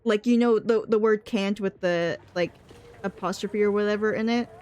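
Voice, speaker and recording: A woman's voice: mid-range voice, steady tone, moderate pace, darkish tone, a little hiss or hum. A woman with a Boston accent chatting casually while streaming a game, laughing often and filling with "like". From New England. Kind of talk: casual chat while gaming.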